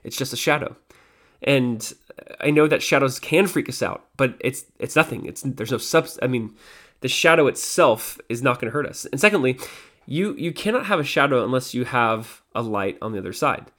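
A man's voice: medium pitch, lively intonation, normal speed, a bit bright. A man hosting a devotional podcast, teaching a psalm in a conversational way with fillers and self-corrections.

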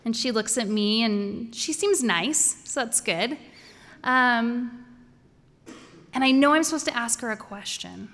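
A woman's voice: a little high, animated, a little slow, a bit bright. A woman telling a personal story before an audience, conversational and wryly humorous. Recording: echoey hall.

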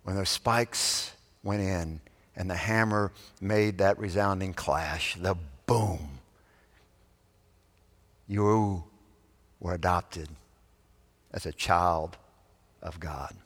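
A man preaching a sermon, telling a story that swells loud and then drops to a hush. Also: sits low, fairly even intonation, slow. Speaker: pastor. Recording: long reverb of a large hall.

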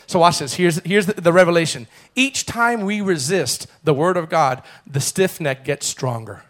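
A man preaching a sermon as pastor, calling on the congregation to repeat phrases and building to loud, fervent passages. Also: on the high side, normal speed. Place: church.

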